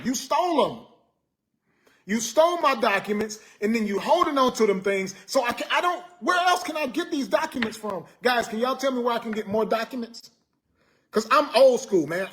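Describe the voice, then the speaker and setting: A man's voice: very high voice, fairly bright tone. A man ranting to his viewers on a live stream, exasperated and joking, repeating himself and tacking on "man". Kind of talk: casual live stream rant.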